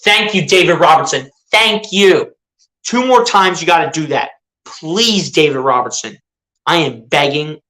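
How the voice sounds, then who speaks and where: A young man giving casual fan play-by-play of a baseball game, excitable and pleading with the players. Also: on the high side, a little slow. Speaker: fan streaming live play-by-play.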